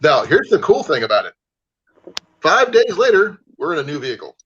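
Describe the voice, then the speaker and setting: A man hosts a casual livestream chat. His voice is bright and forward, and he rambles in an easygoing way, restarting sentences. The sound is a dull, lo-fi stream feed. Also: a little high, sing-song, brisk, slight background noise. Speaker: livestream host. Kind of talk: casual video-call chat. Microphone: livestream call audio. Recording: lo-fi livestream audio.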